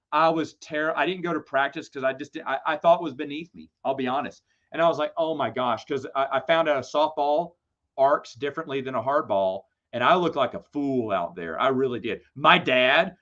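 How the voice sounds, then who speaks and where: A man's voice: on the high side, fairly bright tone. A man hosting a live Q&A stream, telling a long, rambling anecdote with self-deprecating humor. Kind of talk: casual storytelling on a livestream. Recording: slightly dull lo-fi stream audio.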